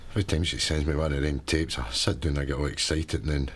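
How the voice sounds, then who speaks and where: An actor playing a wistful, gruff older Scottish pensioner in a sitcom. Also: male voice, very deep voice, steady tone, fast talker, slight background noise. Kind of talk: sitcom acting.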